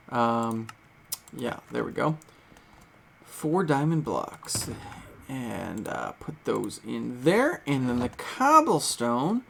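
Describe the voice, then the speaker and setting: A man's voice: medium pitch, creaky, a little hiss or hum. A man hosting a gaming channel, chatting and thinking aloud with many fillers as he sorts through his game. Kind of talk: gameplay commentary.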